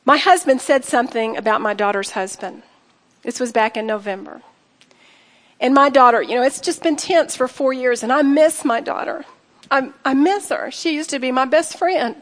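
A middle-aged woman with a slightly high voice tells a heartfelt personal story to an audience. She speaks earnestly and turns to her listeners often. Her voice rings with long reverb, as if in a large hall. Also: normal speed. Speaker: speaker sharing a personal testimony. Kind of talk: emotional personal testimony to an audience.

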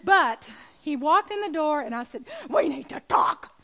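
Middle-aged lady preaching to a room of women, high voice, tells her story with big emphatic swings. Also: expressive, a little slow. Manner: storytelling, emphatic, rising to near-shouting at high points. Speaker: women's ministry speaker. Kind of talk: personal testimony talk. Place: room with a live audience.

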